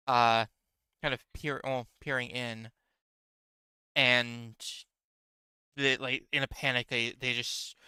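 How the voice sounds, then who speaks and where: A man running a tabletop game on a stream, narrating the scene in a relaxed, hesitant way with many fillers. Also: medium pitch, clean tone, no room sound. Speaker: game master.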